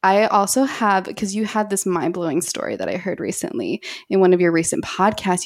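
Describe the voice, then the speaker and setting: A woman's voice: medium pitch, darkish tone. A woman hosting a podcast, asking long, effusive, rambling questions. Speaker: podcast host. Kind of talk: casual podcast interview.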